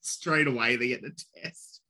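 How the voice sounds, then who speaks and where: A man co-hosting a podcast, chatting casually and reacting quickly with frequent laughter. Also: mid-range voice, fairly even intonation, bright, forceful tone. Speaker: podcast co-host. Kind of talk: casual chat.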